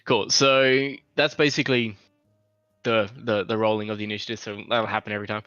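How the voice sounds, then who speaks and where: A young man explaining game software as game master, patient and a bit hesitant. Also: fairly low pitch, flat delivery, fairly quick, no echo. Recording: slightly dull, faint music.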